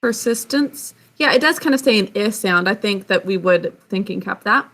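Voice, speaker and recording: A woman's voice: mid-range voice, expressive, moderate pace, a bit bright. A woman teaching a spelling and phonics lesson, sounding out words carefully and praising her pupils often.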